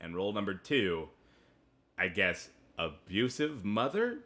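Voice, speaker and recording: A man's voice: fairly low pitch, sing-song, measured pace, sharp tone. A man in his thirties co-hosting a comedy podcast, chatting casually with dry, self-deprecating humor. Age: 30s. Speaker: podcast co-host.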